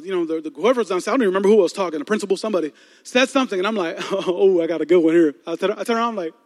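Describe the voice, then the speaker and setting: High, animated young man preaching in a hall. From Chicago area, United States. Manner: animated, acts out voices in his stories, stammers and repeats words. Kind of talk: storytelling sermon to a live youth audience.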